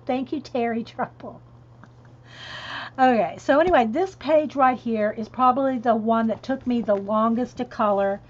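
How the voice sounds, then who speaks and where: A chatty woman with a lilt, talking casually and laughing easily as she answers viewers. Her voice sits a bit high. The stream audio is dull and lo-fi. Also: normal speed, a little mellow. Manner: chatty, laughing, reads chat aloud. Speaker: coloring livestream host. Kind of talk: casual livestream chat.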